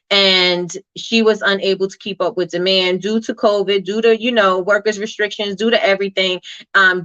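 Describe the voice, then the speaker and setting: Woman host, casual motivational chat, bright and chatty, dry close sound. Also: mid-range voice, dry recording, highs cut off. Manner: chatty, reads comments aloud, many fillers and "right?".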